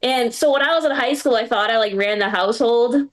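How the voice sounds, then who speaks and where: Her voice a little high and her pace a little fast, a young woman from around Boston rambles through a stand-up story for an audience at a small live venue. She leans on "like" constantly and laughs lightly throughout.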